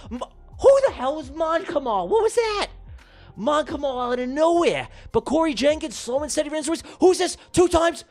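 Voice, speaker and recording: A man hosting a livestream, calling comic races like an excitable sports commentator, jumping from mock-serious to shouting names. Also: very high voice, normal speed. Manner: excitable, jokey race-caller, shouting names. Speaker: livestream host running giveaway races.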